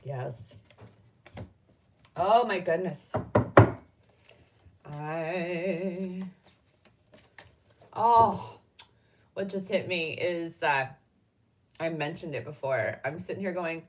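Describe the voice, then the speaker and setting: A middle-aged woman hosts a relaxed card reading, her voice lowish and talky. She rambles freely and breaks into lively bursts. She sits back from the mic, so she sounds a bit distant. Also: extremely slow, pauses often. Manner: rambling and spontaneous, with sudden animated bursts. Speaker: spiritual card reader and host. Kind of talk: casual live card-reading chat.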